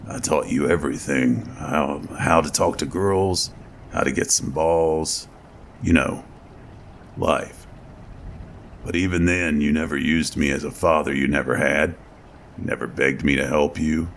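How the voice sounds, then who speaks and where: A man's voice: extremely low pitch, fairly even intonation, unhurried, slight background noise, heavily acted. A man voicing a blunt, foul-mouthed soldier who is the narrator's weary best friend, in a spoken horror story. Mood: earnest. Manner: gruff and blunt.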